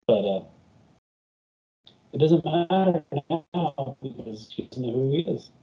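A man's voice: medium pitch, expressive, measured pace. A man co-hosting a casual chat, giving emphatic opinions with stumbling restarts. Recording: dull lo-fi sound.

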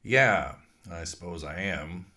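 A man voicing a folksy, wry male ghost who was once a dean, talking in a slow, dry drawl. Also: low voice, animated, bright, forceful tone, full character voice.

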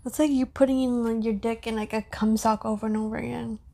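Female podcast co-host, high voice, teasing, frank, casual. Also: little pitch movement, fast, creaky, warm tone. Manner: teasing, frank, laughs easily. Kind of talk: casual chat.

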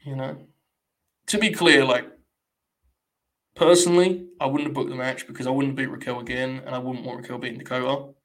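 A man's voice: medium pitch, fairly even intonation, brisk, pauses often, fairly bright tone. A young man hosting a live stream, giving blunt, sarcastic, casual commentary and swearing freely.

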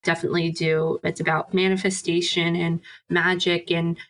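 A woman's voice: fairly low pitch, level tone, moderate pace, rough recording. Upbeat chatty woman podcast co-host. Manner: upbeat, chatty, asks questions with enthusiasm. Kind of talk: casual chat.

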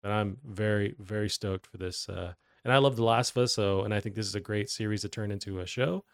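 A man's voice: on the low side, fairly even intonation, a little fast, gravelly, clean tone, no room sound, studio quality. A man hosting a gaming news show, talking in a loose, rambling way with many fillers. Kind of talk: casual gaming news chat.

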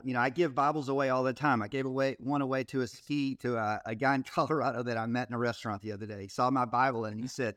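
Male ministry guest, mid-pitched, animated storyteller, dry close-mic recording. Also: quick pace, hardly any pauses, no echo. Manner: animated storyteller, frequent repeated starts. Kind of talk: casual interview, storytelling.

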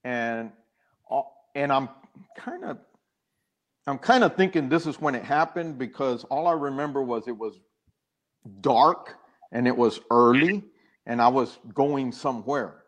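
A man's voice: mid-range voice, animated, measured pace, long pauses. An older man, a guest in an interview, earnestly telling a personal story with many restarts and acted-out quoted dialogue.

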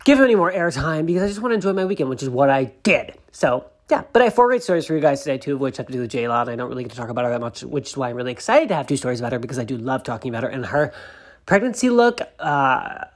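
Fast-talking chatty man gossiping. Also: medium pitch, animated. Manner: chatty and gushing, many fillers and asides. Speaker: celebrity news host. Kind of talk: casual gossip commentary, reading news aloud.

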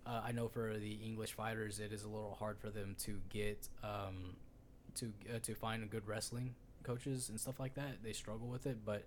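A man's voice: on the low side, fairly even intonation, moderate pace, slight background noise. A man co-hosting a casual sports podcast, rambling and swearing freely with lots of fillers. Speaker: podcast co-host.

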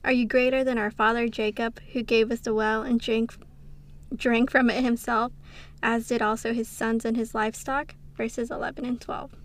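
A woman co-hosting a podcast, reading a devotional aloud at a steady, unhurried pace. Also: fairly high pitch. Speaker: podcast co-host.

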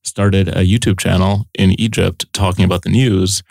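A man hosting a podcast interview, relaxed and encouraging as he asks his guest questions. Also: deep voice, normal speed, vocal fry, dry recording, studio quality. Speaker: podcast host. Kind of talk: casual interview chat.

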